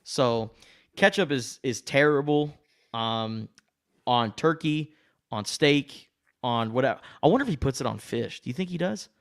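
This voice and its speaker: A man co-hosting a podcast, talking in a quick, animated, joking way. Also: medium pitch, creaky. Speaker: podcast co-host. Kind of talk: casual chat.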